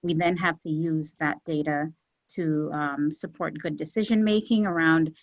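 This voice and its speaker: An earnest woman with a lowish voice speaks as a guest on a podcast, measured and steady, with frequent pauses and fillers. The audio is muffled and dry, with no room sound at all. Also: no room sound. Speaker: executive director of a community health center, guest. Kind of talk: podcast interview answers.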